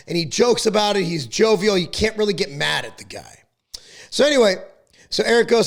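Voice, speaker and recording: High-voiced man telling a story casually. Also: big pitch swings, moderate pace, vocal fry. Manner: chatty storyteller, slangy and joking. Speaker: podcast host. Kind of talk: casual monologue.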